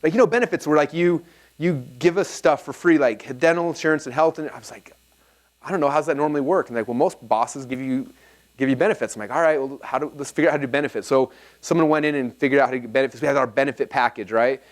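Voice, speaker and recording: A man's voice: mid-range voice, fast talker. A man in his thirties speaking to a live audience at a business seminar, telling stories animatedly and acting out the dialogue. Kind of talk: storytelling seminar talk. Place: event hall with a live audience.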